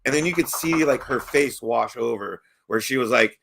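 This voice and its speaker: A young man from Baltimore hosting a podcast, his voice gravelly with fry. He rambles through a story in casual chat, cursing freely, laughing often and stumbling over his restarts. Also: mid-range voice, normal speed, fairly bright tone, slight background noise. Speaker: podcast host.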